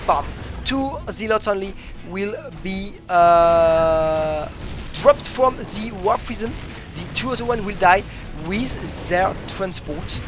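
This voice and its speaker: Working in a broadcast booth, this caster delivers live esports play-by-play in non-native English with a mid-range voice. He is excitable and prone to abrupt, loud exclamations.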